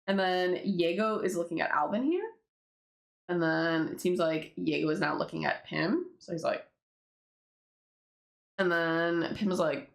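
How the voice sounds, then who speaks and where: A fairly low-voiced woman rambles through her own comic, dropping swear words and quick laughs between panels. Her voice rings in a roomy, echoey space. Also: gravelly. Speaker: webtoon creator. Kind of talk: casual commentary reading a comic. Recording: roomy echo.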